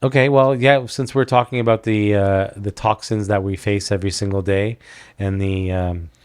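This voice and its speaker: A man's voice: lowish voice, fairly even intonation, moderate pace, clear, resonant tone. A man hosting a casual podcast chat, talking candidly and rambling, often breaking off and restarting his sentences. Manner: rambling, candid, self-interrupting. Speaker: podcast host.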